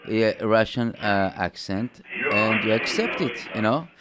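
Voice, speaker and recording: A man with an Israeli accent co-hosting a call-in radio show, halting and searching for words. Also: on the low side, very noisy.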